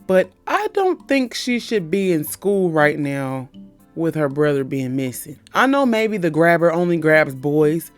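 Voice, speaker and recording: A woman giving a comedic movie recap, blunt and profane with wry asides. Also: on the low side.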